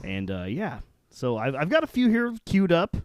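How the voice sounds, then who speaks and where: Lively podcast host man, joking. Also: on the high side, normal speed. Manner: joking, sarcastic. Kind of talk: casual chat.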